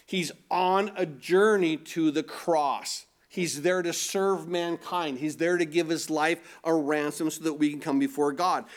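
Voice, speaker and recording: High-voiced man preaching a sermon. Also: fairly even intonation, unhurried, few pauses. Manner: earnest preaching with rhetorical questions and repeated words. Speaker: pastor.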